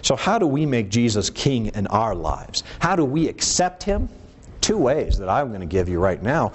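A middle-aged man preaching a sermon, emphatic, asking rhetorical questions and letting his voice rise and fall for emphasis. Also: mid-range voice.

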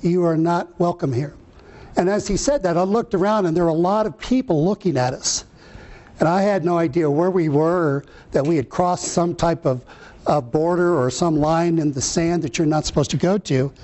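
A man preaching a sermon, reading scripture slowly and earnestly, with some fillers and restarts. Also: fairly high pitch, a little mellow.

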